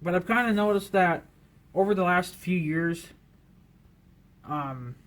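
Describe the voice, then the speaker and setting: Guy with a pretty high voice going off on a rant at the camera, cussing nonstop, tons of "you know". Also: a little slow. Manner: profane and heated, filler-heavy with repeated "you know". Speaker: vlogger. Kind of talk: angry political rant to camera.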